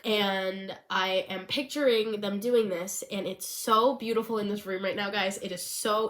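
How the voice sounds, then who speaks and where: A bubbly woman talks straight to her viewers in a casual vlog. Her voice sits at an ordinary middle pitch. She rambles through her ideas with lots of "like", now and then dropping to a soft hush. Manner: bubbly, rambling, full of "like" fillers. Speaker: vlogger and hobby screenwriter.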